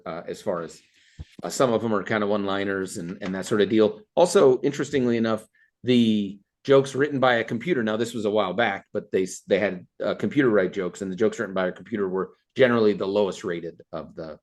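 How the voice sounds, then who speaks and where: A man hosting a comedy workshop on a video call, rambling with many fillers and restarts. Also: mid-range voice. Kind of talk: casual chat on a video call.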